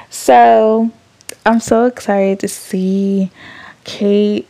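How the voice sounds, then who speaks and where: Gravelly, warm-voiced young woman podcaster. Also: medium pitch, steady tone, a little slow. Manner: candid and emotional, swears freely, rambling with fillers. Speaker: podcast host. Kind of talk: casual chat.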